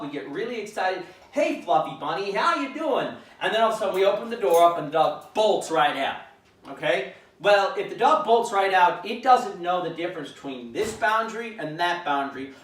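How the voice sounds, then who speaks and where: A man, a dog trainer, explaining crate techniques in a calm, steady way, often restarting his sentences. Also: fairly high pitch. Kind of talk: instructional demonstration. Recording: echoey room, mic far off.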